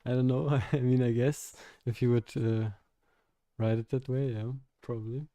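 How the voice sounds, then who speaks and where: A young man chats with his viewers during a live coding stream, with a mellow voice. He thinks aloud, stops and restarts, and laughs often. The sound is dry. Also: mid-range voice, fairly even intonation, measured pace, dry recording. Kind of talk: casual live-stream chat while coding.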